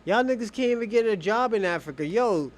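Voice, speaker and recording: A man's voice: sits high, expressive, a little fast. A young man hosting a stream, chatting and telling joking stories in a loose, casual way. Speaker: streamer host. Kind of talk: casual reaction commentary.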